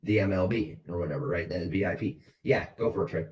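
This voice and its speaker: A man with a deep, low voice leads his sales team on a video call. He talks bluntly and motivationally and keeps hammering the same points. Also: quick pace, a little mellow, poor audio.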